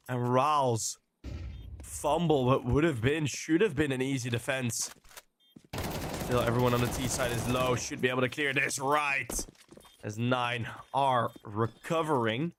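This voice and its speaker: A man casting a live match with play-by-play commentary, excitable and quick to exclaim between calls. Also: mid-range voice, slight background noise. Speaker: esports caster.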